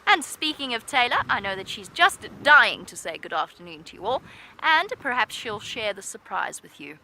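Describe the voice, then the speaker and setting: A woman's voice: fairly high pitch, very animated, moderate pace, sharp tone, slight background noise. A woman presenting a live safari drive from an open vehicle, chatty, upbeat and playful.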